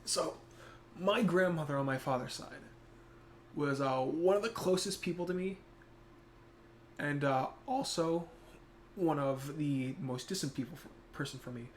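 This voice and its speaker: A young man streaming, talking casually and reflectively, turning soft-spoken when emotional. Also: fairly high pitch, unhurried, pauses often, a little hiss or hum. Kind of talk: casual chat.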